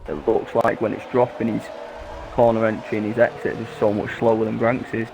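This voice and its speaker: A man's voice: fairly low pitch, flat delivery, a little fast. A man co-commentating a sim race live, chatting casually with short replies. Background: background music.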